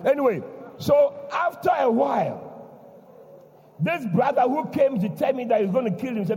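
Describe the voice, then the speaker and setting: A man preaching, telling a story dramatically and breaking into shouts. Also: very high voice, expressive, normal speed, in a large hall. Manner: dramatic, bursts into shouting, repeats a refrain. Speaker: pastor. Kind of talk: sermon storytelling. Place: church.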